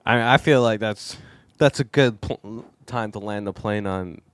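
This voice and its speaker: A man hosting a podcast in casual chat, animated and laughing often. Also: on the low side, a little slow, clear, resonant tone, no echo, clean studio sound. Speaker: podcast host.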